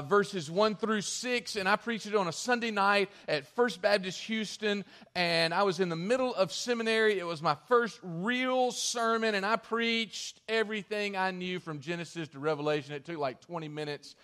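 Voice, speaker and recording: High-voiced preacher in a sermon. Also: male voice, normal speed. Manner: animated, conversational preaching. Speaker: pastor.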